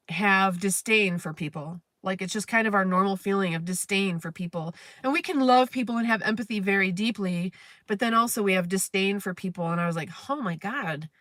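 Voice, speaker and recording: A woman's voice: mid-range voice, normal speed, a bit bright, dry recording. A woman hosting a live stream, venting in a candid, rambling, profane way. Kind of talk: casual venting monologue.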